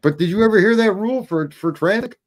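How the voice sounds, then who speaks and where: A man hosting a podcast, telling long stories in casual chat. He swears freely and rambles, and his voice climbs high when he gets indignant. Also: fast talker. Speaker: podcast host.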